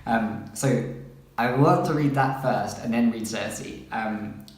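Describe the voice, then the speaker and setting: Male book vlogger, casual and rambling, mid-pitched, recorded in a very echoey room. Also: takes it slowly. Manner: chatty, rambling, reads synopses aloud. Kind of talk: casual chat about upcoming books.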